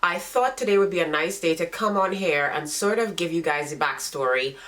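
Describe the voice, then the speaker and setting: A woman's voice: on the low side, moderate pace, fairly bright tone. Congested young woman vlogging. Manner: chatty, encouraging. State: congested with a cold. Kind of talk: casual story-time vlog.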